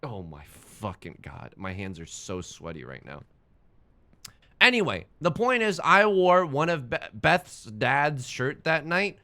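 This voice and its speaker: Lively, bright-voiced young male streamer. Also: mid-range voice, measured pace. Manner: rambling, self-mocking, swears when frustrated. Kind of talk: casual gaming stream chat.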